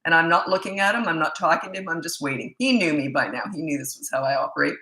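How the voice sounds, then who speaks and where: Woman, parenting coach, blunt and emphatic, bright forceful voice, roomy echo. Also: low-pitched, fairly even intonation, quick pace. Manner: emphatic, blunt, repeats points for stress. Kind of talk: casual advice monologue.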